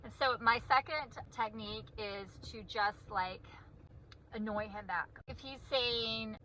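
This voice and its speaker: A woman's voice: a little high, a little slow, pushed and bright, slight background noise, rough recording. A woman and parent giving a comedic, sarcastic, self-deprecating monologue about raising her son.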